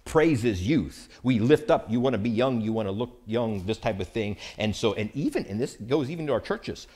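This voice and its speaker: An American man delivering a sermon to a congregation. His pitch climbs and falls freely, and he breaks into short acted-out lines for the people in the scripture story. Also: a little fast, hardly any pauses. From United States. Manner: animated, acts out Bible characters' lines. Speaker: preacher.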